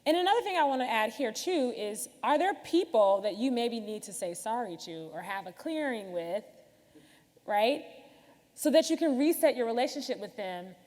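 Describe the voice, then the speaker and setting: A woman's voice: a little high, animated, moderate pace, a little mellow. A woman giving a conference keynote, talking candidly and chattily straight to the audience. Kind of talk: conversational keynote talk. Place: large conference hall. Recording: reverberant hall.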